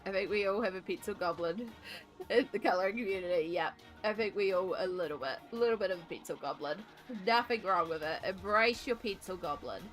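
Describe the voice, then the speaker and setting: A woman's voice: mid-range voice, brisk, soft background music. A woman with a congested voice, chatting casually with her livestream viewers while she colours, giggling often and reading out chat names. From Australia.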